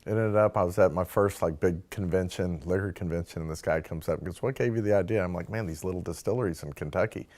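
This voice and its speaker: A man's voice: low voice, quick pace, few pauses, darkish tone. A man in a casual interview, telling how he founded a distillery, full of "like" and "you know" and acting out what other people said. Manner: acts out quoted dialogue, fillers like "like" and "you know". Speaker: distillery founder telling his start-up story.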